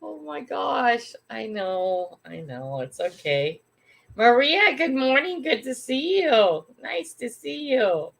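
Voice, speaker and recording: A woman's voice: on the high side, sing-song, takes it slowly, creaky. An older woman hosting a casual morning livestream from home, chatting, greeting viewers by name, and laughing often. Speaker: livestream host.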